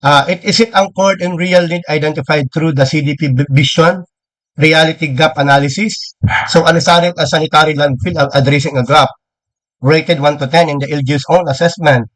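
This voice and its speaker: Filipino man lecturing in Taglish, higher voice. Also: steady tone, fairly quick, fairly bright tone, poor audio. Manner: reads slides aloud then explains in Taglish. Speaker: lecturer on local government finance. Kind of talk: training lecture mixing English and Filipino.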